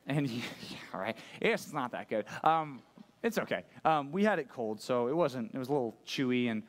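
A man's voice: medium pitch, animated, moderate pace. A man preaching a sermon as pastor, conversational and joking, asking the room questions. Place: church room with a live audience.

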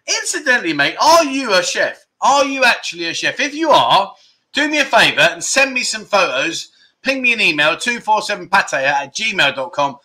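A man's voice: high voice, bright, forceful tone. A man hosting a casual livestream chat show, reading out viewer comments and bantering back with a jokey, matey manner. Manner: chatty, reads out and answers viewer comments; jokey banter, calls people mate.

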